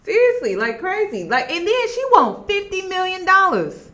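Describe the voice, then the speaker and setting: Animated woman vlogger, lively pitch. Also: normal speed. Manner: animated, laughing, talks straight to viewers. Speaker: commentary vlogger. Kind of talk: casual commentary.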